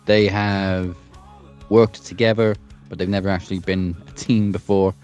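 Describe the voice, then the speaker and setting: Low-voiced man hosting a wrestling podcast. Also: level tone, normal speed, darkish tone, soft background music. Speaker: podcast co-host. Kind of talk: podcast banter and show hosting.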